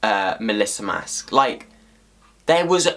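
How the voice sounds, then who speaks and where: A man ranting casually to camera as a vlogger, swearing freely in an animated, exasperated way. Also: lowish voice, slow.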